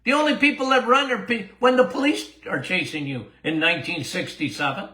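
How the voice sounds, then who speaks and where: An older man, a doctor hosting a casual listener Q&A podcast, talking in an animated, emphatic way, repeating himself and laughing often. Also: high voice, a little fast, reverberant. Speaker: doctor and show host.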